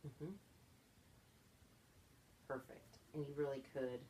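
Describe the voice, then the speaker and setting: A woman with a low voice leads a one-on-one reading lesson. She gives clear, patient instructions and quick words of praise after each attempt. A faint hum of the room sits behind her. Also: level tone, mellow. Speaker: reading tutor.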